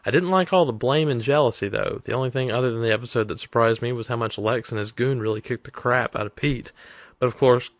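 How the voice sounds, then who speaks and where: A man's voice: mid-range voice, no echo. A man co-hosting a casual podcast, reading listener emails aloud in a jokey, laughing way. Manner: laughing, jokey, quick to do silly voices. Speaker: podcast co-host.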